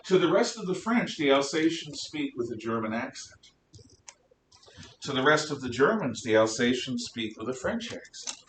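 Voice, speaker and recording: A man giving a history lecture to a class, emphatic and animated, firing off rhetorical questions. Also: normal speed. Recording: roomy, distant mic with faint rumble.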